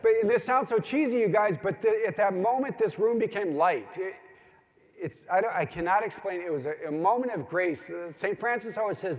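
A middle-aged man with a high-pitched, fairly quick voice preaches a sermon to a gathering of men. He tells stories earnestly, his emphasis rising and pleading, and the recording carries a long hall reverb.

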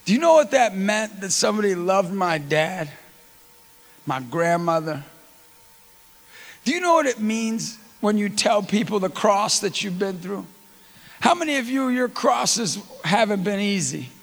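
Impassioned high-voiced gravelly male preacher. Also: lively intonation, a little slow, big-room sound. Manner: impassioned, often rising to near-shouts. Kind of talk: sermon with personal storytelling.

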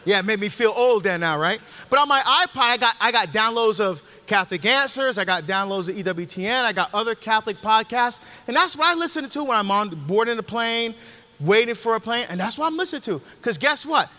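A man's voice: high voice, expressive, a little fast, pushed and bright. A middle-aged man preaching a conversational, emphatic Catholic sermon, speaking directly to his listeners in a church. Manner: emphatic, direct, talks straight to the audience. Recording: long hall reverb.

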